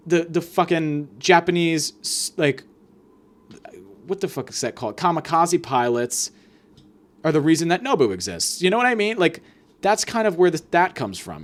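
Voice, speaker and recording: A man hosting a comic solo podcast rant, profane and sarcastic, swinging between loud mock-angry jabs and muttered asides. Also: on the high side. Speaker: podcast host.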